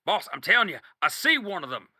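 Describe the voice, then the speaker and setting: A man's voice: fairly high pitch, expressive, measured pace, sharp tone, dry recording, studio quality, exaggerated voice. A man voicing a nervous hired sniper who stammers and keeps insisting he saw someone. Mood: insistent. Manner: stammering, repeats himself.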